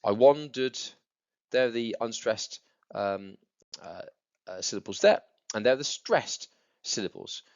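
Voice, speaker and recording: Unhurried and medium-pitched, a male teacher takes students through a poem on lo-fi audio. His explanations lean on repeated words for emphasis, and he taps out rhythms as he goes.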